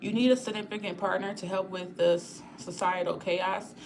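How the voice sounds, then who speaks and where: A woman's voice: medium pitch, fairly even intonation, moderate pace, noisy background. A young woman hosting a casual live stream, talking straight to her viewers in a candid, rambling way and swearing freely. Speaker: channel host reading live chat.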